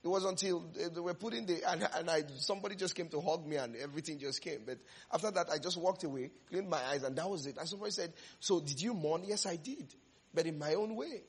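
Husky-voiced man preaching a lively sermon. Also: on the high side, fast. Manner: animated, repeats words, laughs between phrases.

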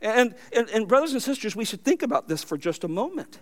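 A middle-aged male pastor preaching a sermon, earnest and animated, often restarting his words. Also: high-pitched, fairly quick.

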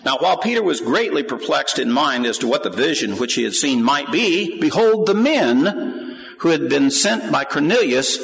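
A man's voice: fairly high pitch, normal speed, creaky. Man preaching in a reverberant hall. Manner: animated, rising to emphatic peaks; asks the congregation questions. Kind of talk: sermon with scripture reading.

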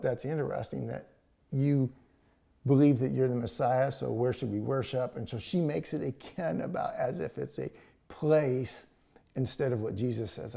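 A man's voice: mid-range voice, creaky, mellow. A man preaching a sermon, retelling a scripture story in a conversational way with paraphrased dialogue.

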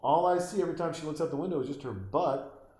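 Talking quickly in a fairly high voice, a man offers foul-mouthed, comedic commentary while watching a movie, and the sound is reverberant. He rants animatedly, makes fun of the characters, and performs little voices.

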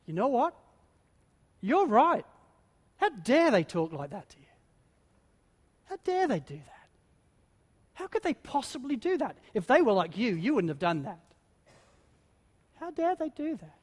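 A man's voice: very high-pitched, big pitch swings, measured pace, pauses often, exaggerated voice. A man voicing the devil as he stokes a listener's grievance, indignant and wheedling, inside a sermon. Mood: goading. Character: scheming devil stoking a man's grievance. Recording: long reverb of a large hall.

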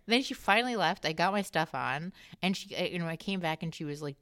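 Woman, low voice, smooth tone, dry close sound, animated storyteller, podcast guest, swears casually. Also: quick pace, hardly any pauses, no echo. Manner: animated storyteller who acts out quoted dialogue and laughs often; swears freely in a candid, conversational tone.

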